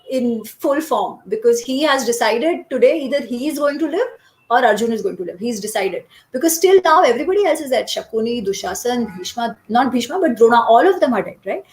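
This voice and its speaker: A woman's voice: sits high, echoey room, rough recording. A woman with an Indian English accent, telling an epic story as a talk guest, acting out the quoted characters. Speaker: guest speaker.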